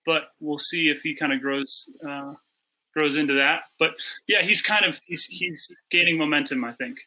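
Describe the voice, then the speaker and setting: A man, an actor guest on a video-call panel, speaking in an easygoing, measured way. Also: a little high, sharp tone, low-quality recording. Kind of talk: casual panel chat.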